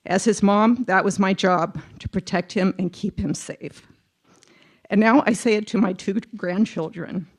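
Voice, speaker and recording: A woman's voice: medium pitch, unhurried. A retired teacher in her sixties reading an earnest, emotional public comment to a committee, with some ums. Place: public meeting room.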